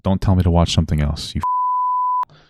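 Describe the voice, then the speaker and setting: A man's voice: low-pitched, fairly even intonation, a little fast, noisy background. A young man talking through a live stream reaction, blunt, irritated at times, swearing and saying "like" a lot. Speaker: livestream commentator reacting to a video.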